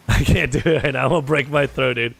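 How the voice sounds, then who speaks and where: A young man with a hoarse, sore throat, chatting casually with viewers while streaming a game and swearing freely. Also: medium pitch, moderate pace, a bit bright. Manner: chatty, swears freely, calls people dude. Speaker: gaming streamer. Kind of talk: casual gaming chat with viewers. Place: home gaming setup.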